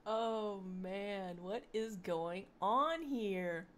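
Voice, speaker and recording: Slow, sarcastic woman commentator. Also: mid-range voice, animated, a bit bright. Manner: sarcastic and mocking, laughs often. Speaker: online commentator. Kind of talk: casual commentary reacting to posts.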